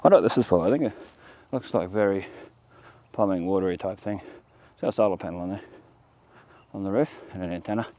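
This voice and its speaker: A man's voice: low-pitched, fast talker, dull audio. An Australian man vlogging on a roadside walk, chatting off the cuff in a meandering way and trailing off mid-sentence, filmed on a camera he carries. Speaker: walking-tour vlogger. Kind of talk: rambling walk-and-talk commentary. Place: outdoors on a rural roadside.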